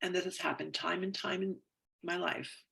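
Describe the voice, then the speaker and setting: Gravelly-voiced woman coach guiding tapping. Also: on the low side, pushed and bright. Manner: slow, measured phrases for the listener to repeat. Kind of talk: guided tapping session.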